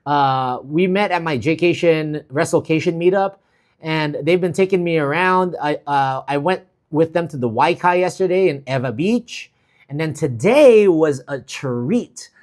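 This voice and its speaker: Chatty man hosting a livestream, slightly high. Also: a little slow. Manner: easygoing, chatty, many fillers, gives shout-outs. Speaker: travel vlogger hosting a livestream. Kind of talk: casual livestream chat, reading viewer comments.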